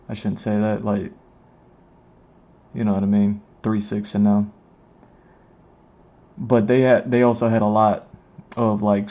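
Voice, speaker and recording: A man's voice: lowish voice, vocal fry, mellow, dull audio. A middle-aged man hosting a livestream, chatting casually about music, rambling and often repeating his words. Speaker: livestream host. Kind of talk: casual music reaction chat.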